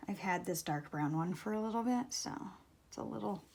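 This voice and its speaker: A middle-aged woman giving a casual nail tutorial at home, talking slowly and softly, often dropping to near-whispers. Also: mid-range voice, gravelly. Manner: slow, soft-spoken, drops to near-whispers. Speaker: beauty vlogger. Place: home, at a table.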